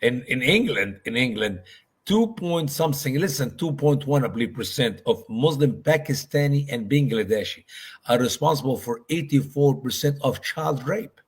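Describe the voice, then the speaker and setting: A man with a husky, slightly raspy voice at a middle pitch, speaking as a guest in a discussion. He presses his points hard and repeats key phrases for emphasis. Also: lively intonation, moderate pace. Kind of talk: conversational discussion.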